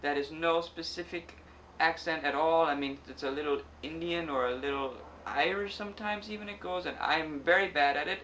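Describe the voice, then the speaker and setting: Man in his 30s, bright voice, candid reflective testimony, occasional stutter blocks. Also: on the high side, moderate pace, a little hiss or hum. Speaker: actor telling his story. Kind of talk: personal interview testimony.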